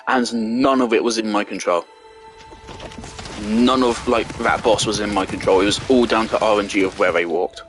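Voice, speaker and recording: A man's voice: fairly low pitch, fairly even intonation, moderate pace, long pauses, soft background music. A young man giving angry gameplay commentary, ranting and swearing heavily. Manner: furious ranting, heavy swearing. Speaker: gaming video creator.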